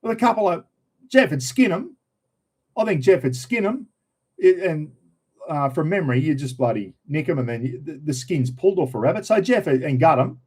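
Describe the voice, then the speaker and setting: A man's voice: a little high, sing-song, normal speed, a little mellow, slightly rough. A middle-aged Australian man hosting a casual livestream chat, rambling and slangy, often calling out to his viewers as everyone. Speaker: livestream host.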